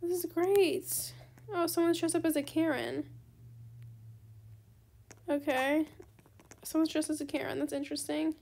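High, gravelly-voiced woman gaming host. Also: unhurried, long pauses. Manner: chatty, excitable, polite. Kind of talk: casual gameplay commentary.

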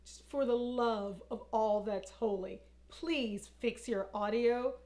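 A woman with a high voice breaks in with exasperated comic asides. Her tone is incredulous and complaining, and her pitch climbs as she protests. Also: takes it slowly, a little mellow. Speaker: film reviewer making comic asides.

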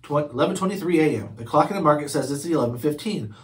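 A self-assured schoolboy who talks his sister through a problem, as read by a man. Matter-of-fact and reassuring in a storybook, with a slightly high voice. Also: expressive, quick pace, natural voice. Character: bossy confident older brother, a boy. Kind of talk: children's book read-aloud.

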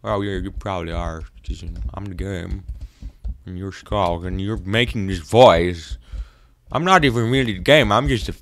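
A man's voice: deep voice, normal speed, fairly bright tone. A man voicing the game itself as a smug, teasing male character that talks back to the player.

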